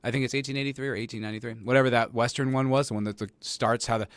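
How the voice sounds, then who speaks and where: Speaking very fast in a steady, mid-range tone, a man runs his own podcast as casual solo commentary. He rambles, swears, is sarcastic, and often laughs at his own jokes, recorded on a close home desk mic with no echo.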